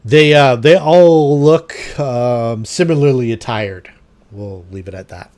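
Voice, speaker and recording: Slow, unhurried male game master. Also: medium pitch, darkish tone. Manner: unhurried, thinking aloud with fillers. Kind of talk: narrating a tabletop game.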